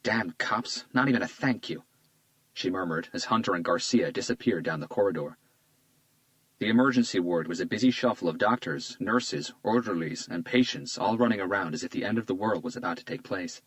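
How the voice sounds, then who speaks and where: A man giving measured, scripted audiobook narration on a close studio mic. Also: low voice, dry recording.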